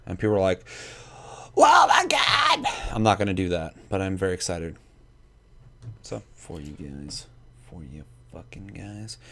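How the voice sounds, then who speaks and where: A man's voice: medium pitch, vocal fry, darkish tone. A man streaming casually, swearing a lot and rambling at his chat as he sets up a video. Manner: profane, rambling, talks to chat. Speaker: gaming streamer.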